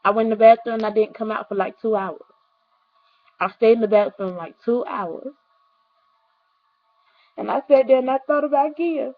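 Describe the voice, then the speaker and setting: Speaking a little fast in a fairly high voice, this young woman shares a personal story with her vlog audience. She's earnest and meandering, says things more than once, and talks right to the viewers, all captured on a dull, lo-fi recording.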